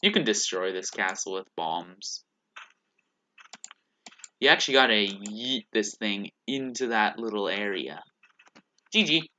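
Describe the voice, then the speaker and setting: A man's voice: fairly low pitch, lively intonation, a little slow, long pauses, pushed and bright, low-quality recording. A man giving casual, joking commentary while playing a video game. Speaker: gaming YouTuber. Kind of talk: let's play commentary.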